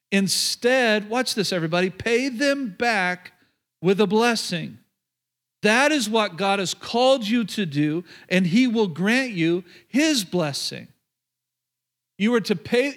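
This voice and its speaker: A man preaching a sermon to a live congregation, lively and joking, with quick asides to the room. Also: sits high. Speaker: pastor. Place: church before a live congregation.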